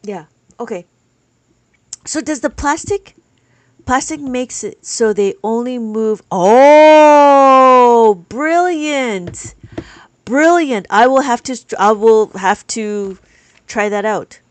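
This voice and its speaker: A woman's voice: a little high, slow pace, pauses often, no echo. A woman teaching abacus on a live stream, chatting with viewers and reading their comments aloud.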